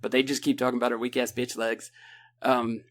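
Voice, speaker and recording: A man in casual podcast chat, recapping a book in a rambling, sarcastic way and mimicking the characters in quick asides, with a lilt. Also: mid-range voice, flat delivery. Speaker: podcast co-host.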